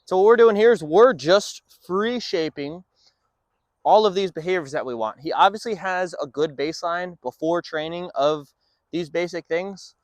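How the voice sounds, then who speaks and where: Male dog trainer, upbeat explainer with a high lively voice, dry close sound. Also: moderate pace, no room sound. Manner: upbeat explainer mixing in short firm commands to a dog.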